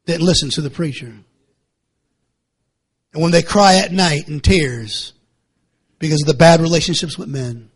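A male preacher, delivering a fiery sermon that swings from low muttering to shouting, with many repeated words. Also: slightly rough.

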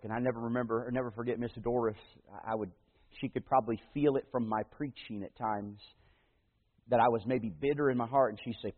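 Folksy pastor preaching over tinny radio. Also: male voice, medium pitch, fairly even intonation, fast talker. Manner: folksy storytelling preacher, swings from loud to hushed. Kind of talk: sermon. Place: church. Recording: tinny phone-like radio broadcast in a big reverberant hall.

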